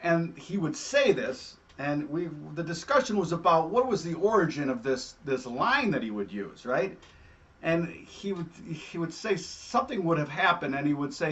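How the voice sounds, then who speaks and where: A man hosting a show, telling stories in a casual, animated way and often adding "all right?". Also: fairly high pitch, normal speed, dull audio. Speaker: host. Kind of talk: casual storytelling.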